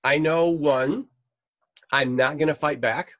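A man's voice: a little high, takes it slowly, dry recording. A middle-aged man, a missionary guest, telling a story in conversation and acting out the quoted lines with energy. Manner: animated, acts out quoted dialogue.

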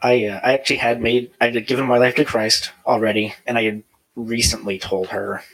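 A man's voice: medium pitch, fairly quick, poor audio. A man recounting a personal faith story in casual conversation, often quoting himself. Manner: animated storyteller, quotes himself in lively voices. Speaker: guest telling his conversion story.

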